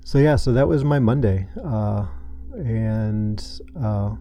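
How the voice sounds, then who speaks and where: A man hosting his own podcast, telling a painful personal story in a halting way, full of restarts and fillers. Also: lowish voice, highs cut off, slight background noise. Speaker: podcast host. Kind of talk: personal confessional monologue.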